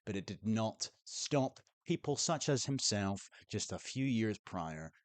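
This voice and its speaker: A man delivers opinionated commentary in a fairly low voice, recorded dry and close. He talks bluntly and sarcastically, with frequent swearing. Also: expressive, unhurried, no room sound. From Scotland. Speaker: political commentator.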